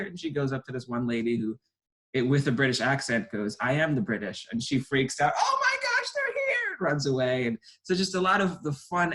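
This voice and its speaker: A man's voice: mid-range voice, fairly bright tone, rough recording. A man in his twenties, a stage hypnotist, talking casually and eagerly as an interview guest. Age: 20s.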